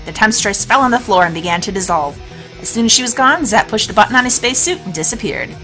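A woman's voice: medium pitch, expressive, quick pace, bright, forceful tone, faint music behind. A woman hosting a let's play, reading a storybook game aloud with chatty, laughing asides. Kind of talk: let's play narration and commentary.

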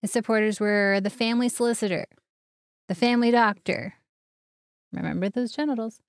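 A woman's voice: medium pitch, normal speed, dry recording. Woman co-host with a dry close sound. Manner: leads the story from notes, laughs often. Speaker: podcast co-host. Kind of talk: casual podcast chat.

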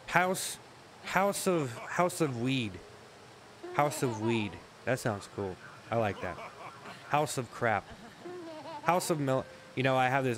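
A man's voice: medium pitch, noisy background. A man rambling through a comedic monologue, often cutting himself off, swearing and joking. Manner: rambling, self-interrupting, swears often, jokey. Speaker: comedy vlogger.

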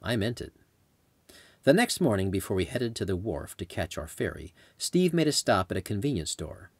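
A man reading his own travel memoir aloud in measured, descriptive storytelling. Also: on the low side, very animated, breathy edge, no echo. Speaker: author narrating his memoir. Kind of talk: scripted audiobook narration.

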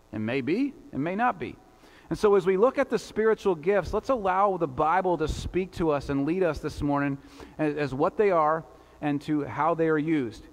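A male pastor preaching a sermon in a conversational style, with rhetorical asides to the congregation. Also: a little high. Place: church sanctuary. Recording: long church reverb.

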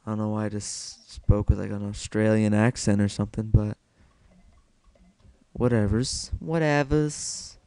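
A man's voice: fairly low pitch, completely flat delivery, normal speed, long pauses, dark tone, smooth, dry recording. A young man giving casual solo gameplay commentary, self-mocking and swearing a lot as he mutters to himself.

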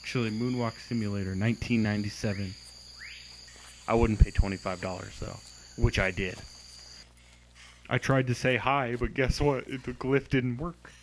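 A man's voice: mid-range voice, fairly even intonation, moderate pace, pauses often, a little hiss or hum, low-quality recording. A young man giving casual, exasperated commentary on a game he is playing, swearing and mocking its glitches. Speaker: gameplay commentator.

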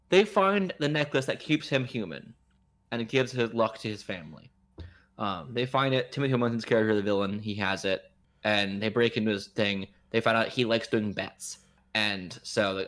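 A man co-hosting a casual podcast, talking through a movie plot in a loose, rambling way. His pitch swings widely as he gets worked up, and he often stops and restarts his sentences. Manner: rambling, animated movie recap with frequent restarts. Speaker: podcast co-host. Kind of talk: casual chat.

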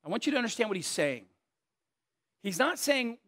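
A man's voice: high-pitched, lively intonation, a little fast, a bit bright, no echo, studio quality. A middle-aged man preaching a conversational sermon, earnest but breaking into joking asides and self-deprecating stories. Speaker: pastor.

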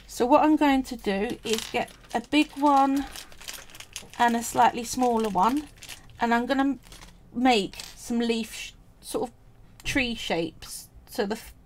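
A woman with a Cockney accent, a polymer clay crafter and streamer, chats through a craft tutorial at home, thinking aloud as she works. Her voice is a little high and slow, with slight background noise.

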